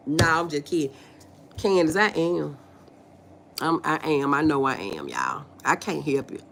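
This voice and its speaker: A woman's voice: low voice, takes it slowly, pauses often, a little hiss or hum. A woman with a Southern US accent hosting a casual livestream, reading viewers' comments aloud and answering them in a folksy, playful way with frequent laughter. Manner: animated, folksy, reads chat aloud and answers, laughs often. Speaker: livestream host.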